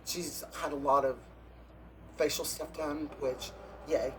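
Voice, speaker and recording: A man's voice: fairly high pitch, steady tone, slow pace, a bit bright, a little hiss or hum. Campy, gossipy man telling stories. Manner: campy and catty, with gasps and laughs. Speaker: guest drag performer. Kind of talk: casual storytelling, gossipy.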